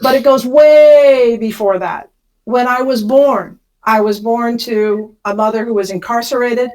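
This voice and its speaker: Woman telling a personal story, slightly high. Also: unhurried, a little mellow, low-quality recording. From Kansas. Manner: emotional, speeds up when retelling panic. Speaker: podcast guest.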